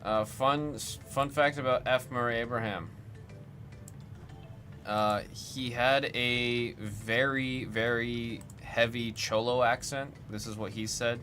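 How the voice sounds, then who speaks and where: A man's voice: mid-range voice, steady tone, slow pace, sharp tone, soft background music. A man hosting a trading card break livestream, chatting casually and reading off lists as he works his computer. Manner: chatty, reads off lists while working the computer.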